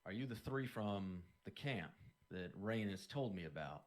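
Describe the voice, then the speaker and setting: A man's voice: fairly low pitch, expressive, measured pace, a little mellow. A man voicing a distracted male scholar in his thirties, apologetic and a bit flustered, in a tabletop game.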